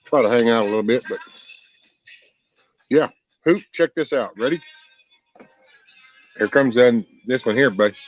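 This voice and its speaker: A vlog host with a medium-pitched voice talks a little slowly with long pauses, joking loosely and swearing a lot while working outdoors. The recording is dry, dull and lo-fi, with music.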